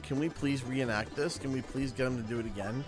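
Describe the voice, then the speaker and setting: A man livestreaming a video game, chatting casually and breaking into laughter, excitable and giggly. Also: mid-range voice, brisk. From Canada. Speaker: streamer. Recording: game music faint underneath. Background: game music.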